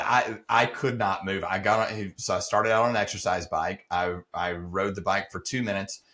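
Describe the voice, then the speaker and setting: A man's voice: on the low side, brisk, few pauses, fairly bright tone. A middle-aged man earnestly telling a personal story as a podcast guest, acting out the dialogue he quotes.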